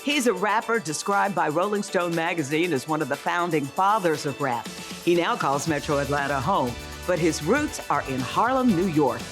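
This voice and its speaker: TV host, lively pitch movement, scripted teasers. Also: normal speed, over music. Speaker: TV host and interviewer. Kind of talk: scripted TV teaser narration and interviewing.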